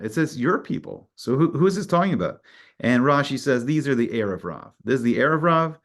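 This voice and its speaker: Man teaching Torah in a casual, animated way. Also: mid-range voice, fairly quick. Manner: animated, explains Hebrew phrases in English, frequent restarts.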